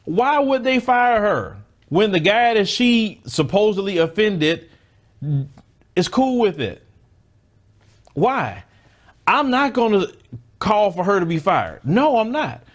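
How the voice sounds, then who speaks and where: A man's voice: high voice, sing-song, takes it slowly, pauses often. A man hosting a commentary channel, reacting to a news clip in a blunt, mocking way.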